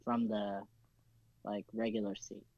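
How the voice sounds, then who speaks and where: A man's voice: lowish voice, little pitch movement, unhurried, a little mellow, no echo. Man on dull lo-fi call audio. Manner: patient, practical, giving instructions. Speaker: class participant helping with tech.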